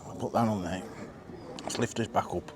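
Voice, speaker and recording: A man's voice: lowish voice, steady tone, moderate pace, noisy background. A British man hosting a casual food vlog outdoors at a marina, chatting and joking as he eats and reviews the meal. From Britain. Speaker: vlog host.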